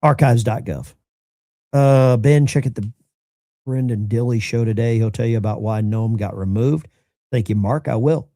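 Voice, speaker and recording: A middle-aged man hosting a call-in show, chatting in an animated, rambling way. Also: medium pitch, moderate pace, no echo, studio quality. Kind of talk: casual livestream talk.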